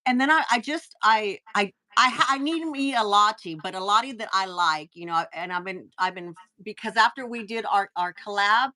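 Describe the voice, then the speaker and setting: A woman's voice: on the high side, normal speed, few pauses, bright, forceful tone. A woman with a Texan accent hosting a casual live-stream chat, talking in chatty bursts with frequent restarts and reading viewer comments aloud. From Texas. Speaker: host.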